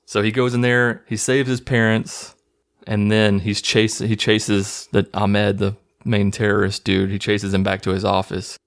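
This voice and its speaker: A man's voice: on the low side, little pitch movement, measured pace. A man hosting his own channel, casually recapping a movie in a rambling, profane, amused way. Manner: rambling, profane, laughing at scenes. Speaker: movie review host.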